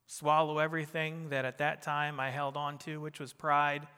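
A middle-aged man with a New Jersey accent preaching a sermon, swinging between emphatic rising bursts and soft, quiet drops. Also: fairly high pitch, little pitch movement, moderate pace, clean tone, long reverb tail. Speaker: pastor.

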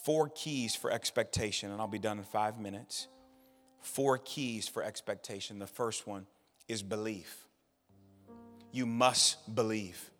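A man preaching a sermon as pastor, swinging between hushed low lines and loud shouted bursts. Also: measured pace. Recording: hall reverb, faint music behind.

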